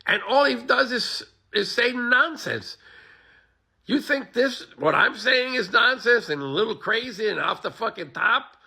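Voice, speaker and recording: A man's voice: very high voice, expressive, unhurried, creaky, pushed and bright, breathy edge. A man ranting to his phone camera, profane and exasperated, with bitter laughter running through his talk. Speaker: social media poster.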